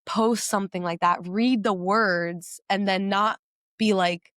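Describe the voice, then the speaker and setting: A woman's voice: mid-range voice, fairly even intonation, a bit bright, dry recording, clean studio sound. A woman co-hosting a casual podcast, speaking conversationally with lots of "like" fillers. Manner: conversational, frequent "like" fillers, quick agreeing "mm-hmm". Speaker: podcast co-host.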